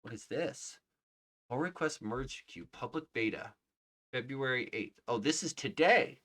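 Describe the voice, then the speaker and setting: A man live-streaming his coding, reading out names as he checks them and thinking aloud, often trailing off into quiet murmurs. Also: mid-range voice, expressive, a little slow. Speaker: livestreaming software developer. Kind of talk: casual live-coding commentary.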